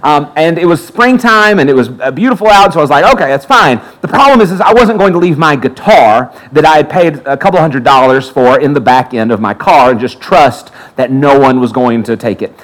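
A male preacher tells a personal story from the pulpit. His voice sits a bit high for a man, and he acts out the people in the story with lively shifts. He keeps an easygoing, conversational sermon style. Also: brisk, few pauses, low-quality recording. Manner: animated storyteller acting out quotes. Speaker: pastor.

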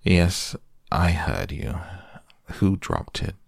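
A man voicing a gloomy, self-pitying old male donkey who talks in a slow, mournful, sarcastic way in a storybook reading. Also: deep voice, lively intonation, gravelly, no room sound, studio quality, exaggerated voice.

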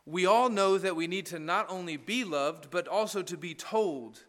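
Bright-voiced pastor preaching in a reverberant hall. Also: male voice, high voice, normal speed. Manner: conversational, frequent "right?" asides. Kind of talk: sermon. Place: church.

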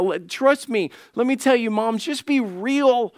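A middle-aged man delivers a sermon from the pulpit in a slightly high voice. He is earnest and restarts often, repeating words as he goes. The sound is dry and close. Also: normal speed, hardly any pauses, no echo. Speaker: pastor.

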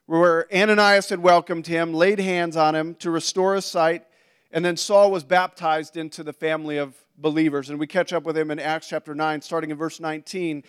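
A man's voice: on the high side, fairly even intonation, moderate pace, fairly bright tone, smooth. A man preaching a conversational sermon to a congregation, with asides and restarts. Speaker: pastor.

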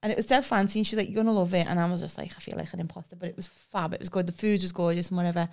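A woman with a Liverpool accent, co-hosting a podcast and telling lively stories in casual chat. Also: lowish voice, rapid-fire, gravelly. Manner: animated storyteller who acts out voices. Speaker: podcast co-host.

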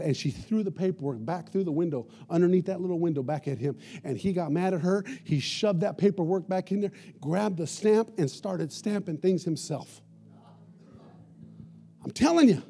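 A man preaching with a high, gravelly voice, full of grit and crackle. He tells stories with energy and punctuates them with bursts of praise. The delivery is that of a lively pastor in full sermon. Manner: energetic storytelling preacher with shouted praise interjections.

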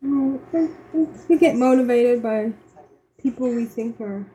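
A woman's voice: on the high side, unhurried, warm tone, slightly rough, poor audio. A woman co-hosting a podcast, chatting casually and often restarting her sentences mid-thought. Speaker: podcast co-host. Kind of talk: casual chat.

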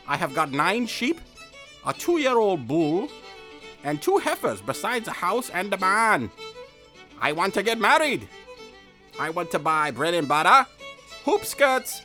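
Old-timey Maine farmer, high and drawn-out, folksy and earnest, put on by a podcast host. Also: male voice, pushed and bright, heavily acted. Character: old-timey male farmer from the 1860s placing a marriage ad.

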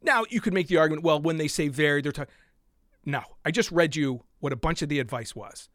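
A man's voice: fairly high pitch, fast, fairly bright tone, no room sound, studio quality. A man hosting a podcast, delivering a heated, exasperated solo rant with sighs and muttered asides. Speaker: podcast host.

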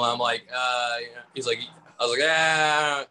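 Rambling Michigan comedian, gravelly and bright. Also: male voice, mid-range voice, fairly even intonation, measured pace, poor audio. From Michigan, USA. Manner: rambling, many fillers, acts out quotes. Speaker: comedian guest. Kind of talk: casual storytelling interview. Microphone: video call.

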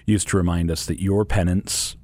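A man hosting a Catholic talk radio show, chatting casually and telling animated stories. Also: sits low, normal speed, no room sound. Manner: lively, animated storytelling with laughs.

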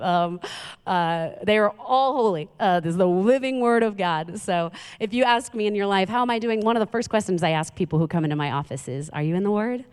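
A woman's voice: medium pitch, smooth. A woman in her thirties giving a conversational sermon as a pastor, often asking the audience questions. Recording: reverberant hall.

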